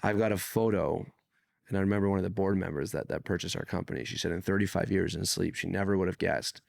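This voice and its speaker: A man from Canada talks through his stories as a podcast guest. His voice sits low and carries a rough, gravelly grain. He is animated and curses casually, and the dry sound leaves no trace of the room. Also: fast, dry recording. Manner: animated, swears freely, acts out quoted people. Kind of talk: casual conversational storytelling.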